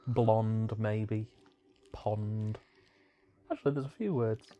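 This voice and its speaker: A man's voice: fairly low pitch, lively intonation, extremely slow. Man trading dry quips on commentary. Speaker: co-host of a film commentary. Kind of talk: casual film commentary.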